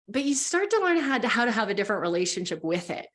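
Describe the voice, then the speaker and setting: A woman guest who teaches spiritual practice talks fast with hardly any pauses, her fairly high voice expressive. Earnest and encouraging, she explains in conversation and voices inner thoughts as quotes.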